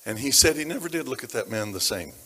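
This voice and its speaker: A man preaching a sermon, telling stories about people from his congregation, dropping to a hush and then rising to loud emphasis. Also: medium pitch, expressive, fast. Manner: dramatic shifts between hushed and loud. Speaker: pastor. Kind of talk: sermon storytelling. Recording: long reverb of a large hall.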